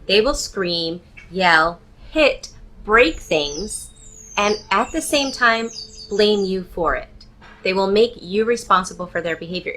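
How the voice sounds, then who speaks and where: A woman relationship coach giving advice straight to the viewer in a measured, emphatic way, leaning on key words. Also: medium pitch, fairly bright tone, a little hiss or hum, rough recording. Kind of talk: direct-to-camera advice talk.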